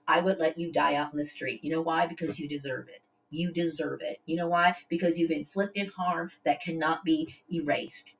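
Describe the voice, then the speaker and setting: A woman's voice: sits low, fairly even intonation, normal speed, few pauses, a little hiss or hum. Confrontational woman, lo-fi recording. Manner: confrontational, repeats "okay?" often; stammers and restarts when upset. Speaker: vlogger. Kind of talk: direct-to-camera rant. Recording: dull lo-fi home recording.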